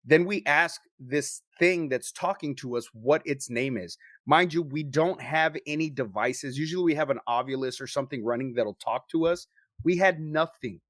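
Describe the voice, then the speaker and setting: A man co-hosting a podcast, telling a story in casual chat with lots of swearing and animated delivery. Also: a little high, moderate pace, dry recording, clean studio sound. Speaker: podcast co-host.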